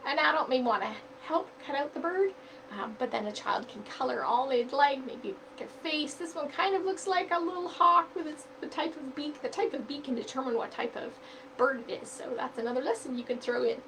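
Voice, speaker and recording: A woman's voice: sits high, brisk, a bit bright, distant mic, a little hiss or hum, poor audio. A woman hosting a library storytime, reading a picture book aloud and explaining a craft in an upbeat, teacher-like way.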